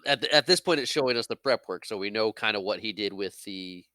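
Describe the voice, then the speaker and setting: Podcast guy chiming in, laughs a lot, bright dry voice. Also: fairly low pitch, lively intonation, a little fast, no echo. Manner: laughs often, chimes in with trivia. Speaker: podcast co-host. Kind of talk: casual movie chat.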